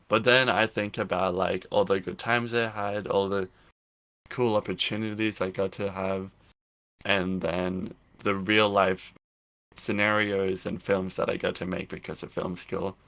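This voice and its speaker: Young male guest, low gravelly tone with a bright edge, loose rambling delivery full of restarts. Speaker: guest filmmaker. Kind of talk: casual interview chat.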